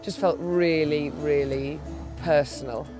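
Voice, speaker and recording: A woman's voice: low-pitched, fairly even intonation, slow pace, music in the background. A woman co-presenting a travel webisode, speaking earnestly and emotionally in casual chat.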